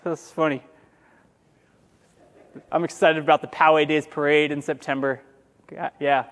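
A male pastor giving a casual, conversational sermon with humorous asides, slowing down to read scripture. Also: fairly high pitch, level tone, fairly bright tone, long reverb tail.

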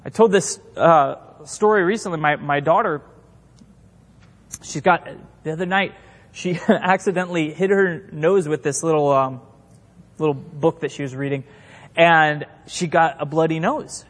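A middle-aged man preaching a sermon as a pastor, impassioned and animated, acting out quotes from the people in his stories. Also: fairly high pitch, measured pace, in a large hall.

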